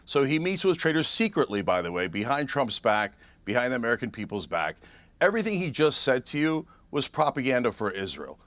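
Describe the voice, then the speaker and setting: Casting note: male political commentator, combative and forceful, dry close sound. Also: medium pitch, sing-song, brisk, no room sound. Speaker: panel guest, commentator. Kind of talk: heated TV debate.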